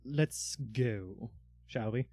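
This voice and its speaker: A man's voice: medium pitch, very slow, a little mellow, no echo, voice pushed down. A man voicing a male guide who leads the party through a castle, speaking hesitantly and breezily. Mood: hurried.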